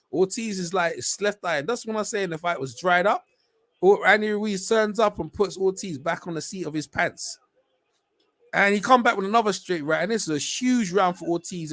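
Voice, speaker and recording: Guy doing casual live boxing commentary, lots of slang, bit higher voice, gets loud on big shots. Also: gravelly, no room sound. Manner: slangy, chatty, rising to excited shouts on big punches. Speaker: live stream fight reaction host.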